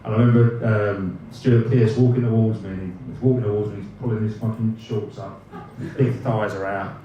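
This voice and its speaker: At a live evening event, a former footballer in his fifties shares laughing, rambling stories, cursing freely and often starting sentences over. He speaks a little fast in a fairly low, fairly even voice; the recording is muffled with some hiss or hum, taken from a distance in an echoing room with faint ambience.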